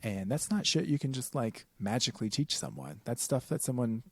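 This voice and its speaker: A man's voice: mid-range voice, lively intonation, brisk, slightly rough, no room sound. A man co-hosting a podcast, chatting casually in an effusive, playfully profane way. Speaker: podcast co-host. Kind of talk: casual chat.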